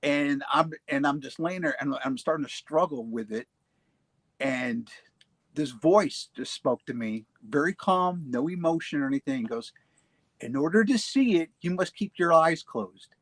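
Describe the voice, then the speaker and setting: A man in his forties casually telling his own ghost encounters, halting and restarting often, laughing easily. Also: fairly high pitch, fairly bright tone, breathy edge, dry recording. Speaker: paranormal show guest telling his experiences. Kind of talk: casual storytelling.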